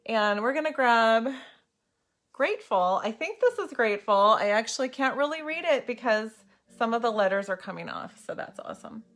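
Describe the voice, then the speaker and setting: On a live video from home, a woman chats casually with viewers while demonstrating eye makeup, bubbly and talkative and greeting them by name. Her voice is on the high side and fairly bright, with lively intonation and a normal speed. The room is lit by a ring light and window light.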